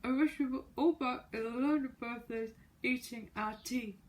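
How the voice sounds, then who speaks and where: A woman voicing an impulsive young girl in a storybook, in a bright, raised girlish voice. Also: fairly high pitch, normal speed, slight background noise, voice pushed up, close to an everyday voice.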